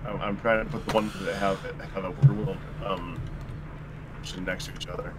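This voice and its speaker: A man's voice: sits low, fairly even intonation, moderate pace, background noise. A man in casual gaming chat, explaining game items and answering friends a bit defensively. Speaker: game player.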